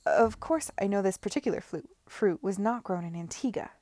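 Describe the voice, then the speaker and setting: A woman reading aloud, voicing an imperious elderly aristocratic lady with a commanding, loud manner. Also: medium pitch, animated, fairly quick, dry recording. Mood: stiff, affronted.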